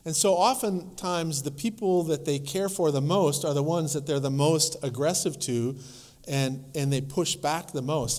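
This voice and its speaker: A man lecturing at a conference, telling anecdotes in a lively way and acting out the voices of the people in his stories. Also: fairly high pitch, in a large hall. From North Dakota.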